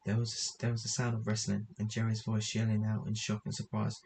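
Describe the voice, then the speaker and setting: A man narrates a story aloud in a low, even voice that barely rises or falls. He trips over words now and then and goes back to fix them, with a faint hiss in the background. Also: a little fast, rough recording. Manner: reads with frequent stumbles and self-corrections.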